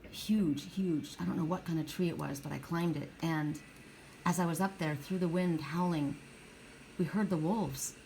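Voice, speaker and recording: A woman's voice: deep voice, fairly even intonation, moderate pace, vocal fry, warm tone, a little hiss or hum. A middle-aged woman giving a casual spiritual card reading, telling rambling stories with many restarts. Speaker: oracle card reader.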